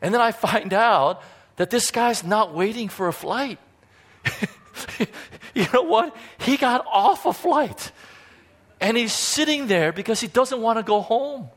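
A man preaching in a relaxed storytelling way, full of fillers and restarts. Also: sits high. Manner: conversational, halting, many fillers and restarts. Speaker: pastor. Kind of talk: sermon storytelling.

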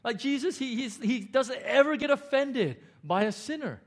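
A middle-aged male pastor preaching a sermon in a church, animated and excited, with frequent stammering restarts as he builds emphasis. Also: very high-pitched, normal speed. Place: church in Hong Kong.

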